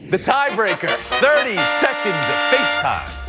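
Lively high-voiced male sports host. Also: over loud music. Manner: brisk, laughing segment transitions. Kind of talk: sports debate show hosting.

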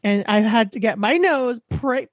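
A young woman co-hosting a podcast, talking in a slow, relaxed, chatty way. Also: a little high, dry recording, clean studio sound. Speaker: podcast co-host. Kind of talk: casual chat.

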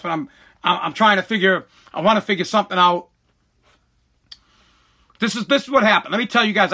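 Male podcast host, furious rant, high voice, stammers and restarts. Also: sharp tone. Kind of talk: angry live-streamed podcast rant.

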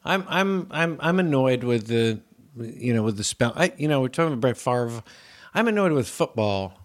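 A man's voice: medium pitch, expressive, moderate pace. A man in casual comedic chat, ranting in mock exasperation with stammering restarts.

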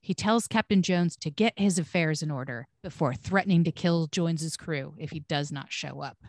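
A woman's voice: sits low, normal speed, a little mellow, dry recording, clean studio sound. A woman co-hosting a podcast, reading scripted episode recaps with blunt, swearing asides.

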